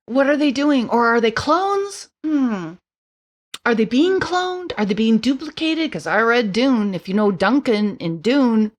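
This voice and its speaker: Pitched on the high side, a middle-aged woman tells her story as a guest on a podcast. The talk is casual, full of spirited asides and quick voice mimicry.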